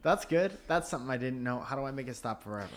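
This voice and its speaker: A man's voice: medium pitch, expressive, very fast. A man hosting a podcast, chatting casually and joking while plugging his stand-up dates. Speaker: comedian and podcast host. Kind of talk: casual chat.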